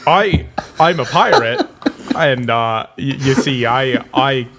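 A man's voice: medium pitch, animated, a bit bright, slight background noise. A man doing a stammering fake pirate. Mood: awkward. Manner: halting, stammering, hesitant. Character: bumbling man awkwardly posing as a pirate. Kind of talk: comedic impression.

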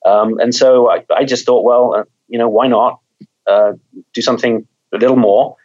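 A man's voice: mid-range voice, steady tone, normal speed, a little mellow, lo-fi sound. A man, a mystery author, talking in a conversational interview, thoughtful, often repeating words as he thinks.

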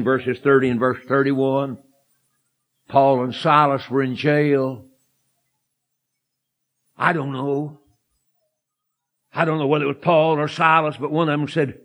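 A man preaching a fervent, folksy sermon and telling a story that builds to shouted emphasis. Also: mid-range voice. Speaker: evangelist preacher.

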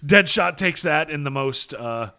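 A man's voice: fairly high pitch, expressive, measured pace, bright, forceful tone. Tired, rambling man on a podcast. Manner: rambling, profane, laughs often. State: tired after a long session. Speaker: podcast co-host. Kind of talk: casual comic book podcast chat.

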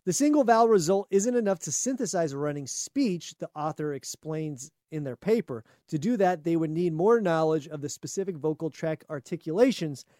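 A man's voice: a little high, lively intonation, normal speed, few pauses, warm tone, dry recording, clean studio sound. A man co-hosting a casual chat, reading news aloud and joking about it. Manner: jokey, laughing, reads articles aloud. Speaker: podcast co-host.

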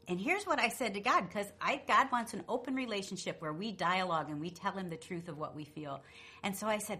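A middle-aged woman co-hosting a radio talk show, telling a story in a feisty, expressive way. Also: mid-range voice, fairly quick, breathy edge. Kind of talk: casual storytelling chat.

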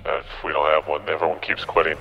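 A man voicing a crude male ball in heaven, mumbling low and rushed. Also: monotone, a little hiss or hum. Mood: deadpan. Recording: dull lo-fi sound with long reverb.

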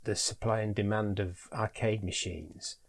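A man's voice: lowish voice, moderate pace, vocal fry, crowd noise. A British man hosting a podcast in casual chat, talking in a chatty way and often repeating words as he thinks. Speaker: podcast host.

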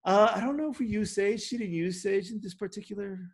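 A man hosting a podcast, telling a personal story in a casual, animated way, full of restarts and "right?". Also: high voice, fairly quick, breathy edge. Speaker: podcast host.

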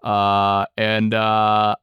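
A man in his twenties co-hosting a podcast in casual, jokey chat, often laughing and breaking into silly high voices. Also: completely flat delivery, drawn-out words, clean tone, no echo, lo-fi sound. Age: 20s. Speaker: podcast co-host.

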